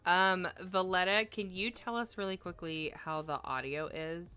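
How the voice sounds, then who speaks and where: A woman's voice: on the low side, unhurried, pushed and bright, clear, resonant tone, faint music behind. A woman hosting a stream, chatting in a friendly, curious way and laughing often. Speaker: stream host. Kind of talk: casual chat.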